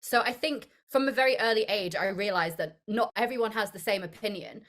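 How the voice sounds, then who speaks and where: A woman's voice: medium pitch, brisk, fairly bright tone. Upbeat young woman, laughing often. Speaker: actor interviewed as guest. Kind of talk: casual interview chat.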